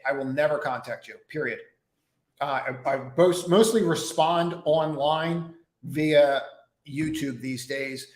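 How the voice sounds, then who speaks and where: Chatty male trading streamer, roomy sound. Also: mid-range voice. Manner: conversational, chatty with many fillers, addresses viewers by name. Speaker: stock trading live-stream host. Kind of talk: casual live-stream market commentary.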